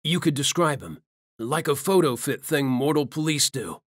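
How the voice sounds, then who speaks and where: A man's voice: on the high side, animated, moderate pace, no room sound. Narrator doing a hot-headed warrior guy, blunt, swears a lot, dry close read. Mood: tender. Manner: forceful, swearing. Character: hot-tempered male warrior guardian. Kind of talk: audiobook character voice.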